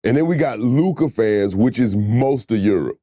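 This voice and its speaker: A man's voice: mid-range voice, moderate pace, no room sound, clean studio sound. Profane, riffing male comedy co-host. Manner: loose, profane, animated riffing.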